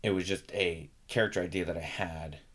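A man's voice: low voice, fairly even intonation, a little fast, fairly bright tone, husky. A man co-hosting a podcast, chatting casually about a tabletop game, rambling with many restarts and filler words. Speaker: podcast co-host. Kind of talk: casual chat.

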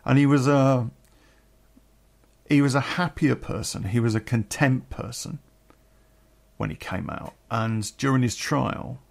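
Middle-aged man, podcast storyteller; slow, gravelly, candid and sweary. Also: medium pitch, fairly even intonation. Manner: candid, rambling, swears freely. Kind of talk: personal storytelling.

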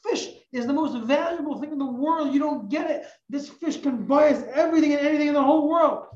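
A woman voicing an excited man who insists to his family that they are rich, in an echoey, muffled recording. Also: high voice, brisk, voice pushed up, natural voice. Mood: insistent. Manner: exclaiming, urgent. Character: overjoyed man boasting of sudden riches.

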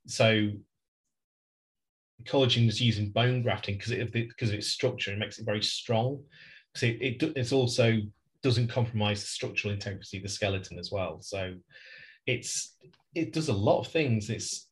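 A man's voice: fairly low pitch, moderate pace. A man co-hosting a casual TV rewatch podcast, chatty and prone to laughing while he explains facts. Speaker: podcast co-host. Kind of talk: casual chat with trivia segment.

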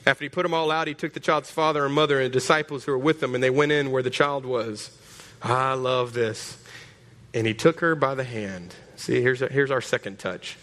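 A man preaching a sermon as pastor, animated and joking, acting out voices. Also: mid-range voice, fairly quick. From Texas.

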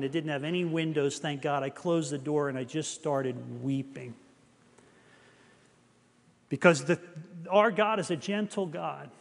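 A man's voice: fairly high pitch, creaky, long reverb tail. A middle-aged man preaching a sermon, telling a personal story in an earnest, confessional way.

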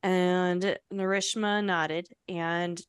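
Slow, dry-voiced woman recapping a book. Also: lowish voice, steady tone, smooth, dry recording. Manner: reads passages aloud with laughing asides. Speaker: podcast co-host recapping a novel. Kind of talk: casual book recap chat.

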